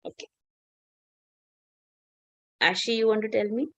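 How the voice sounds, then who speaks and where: A woman's voice: fairly high pitch, measured pace, no room sound, lo-fi sound. A woman teacher telling a fable to children on a video call, patient and coaxing. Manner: patient, coaxing, many fillers. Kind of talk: online class storytelling for children.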